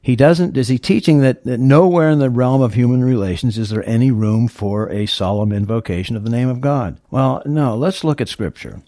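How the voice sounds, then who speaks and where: A man's voice: medium pitch, warm tone, no room sound, studio quality. A man preaching a sermon, teaching in an earnest tone, leaning hard on key words and often restarting his phrases.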